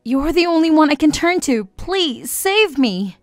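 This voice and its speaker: Casting: a woman playing a begging teen daughter, high and bright, dry close sound, soft music under. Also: lively intonation, measured pace, dry recording. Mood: pleading. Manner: pleading, tearful. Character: desperate teenage girl begging her mother.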